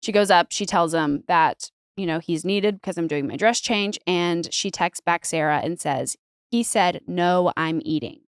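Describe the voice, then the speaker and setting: A woman telling a wedding story in casual chat, animated and swearing freely. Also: lowish voice, moderate pace, hardly any pauses, smooth, no echo, studio quality. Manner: animated, swearing, acts out quoted voices. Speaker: podcast guest, bride telling her wedding story.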